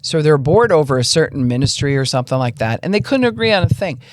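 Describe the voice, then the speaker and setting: A woman pastor hosting a casual teaching podcast, folksy and animated, acting out what she describes. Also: deep voice, quick pace, no room sound.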